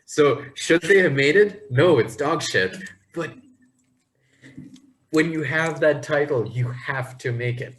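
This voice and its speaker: A man co-hosting a podcast, telling rambling stories in a casual, animated way. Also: fairly high pitch, takes it slowly, long pauses, slight background noise, low-quality recording. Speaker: podcast co-host. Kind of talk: casual chat.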